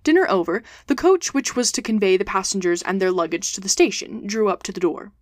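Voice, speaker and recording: A woman reads a classic adventure novel aloud as host of a storytelling show. Her voice is mid-pitched and steady, with clear, expressive narration. The recording is dry and close, with no room sound. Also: fairly quick, no room sound.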